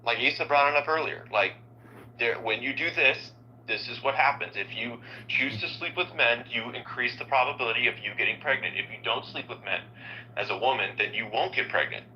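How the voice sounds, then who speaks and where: A man's voice: medium pitch, a little fast, bright, forceful tone, dull audio, a little hiss or hum. A man joining a political podcast as a guest, making earnest, lecturing points.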